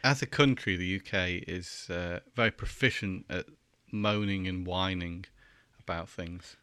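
A man's voice: sits low, unhurried, bright, forceful tone, clear, resonant tone, no room sound. A man co-hosting a podcast, chatting casually with dry, teasing remarks. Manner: dry, teasing, short interjections. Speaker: podcast co-host. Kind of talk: casual chat.

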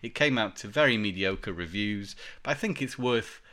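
A man's voice: lowish voice, lively intonation, moderate pace, sharp tone. A man, co-hosting a casual chat about video games, talking in a rambling, hesitant way with many fillers. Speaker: podcast co-host.

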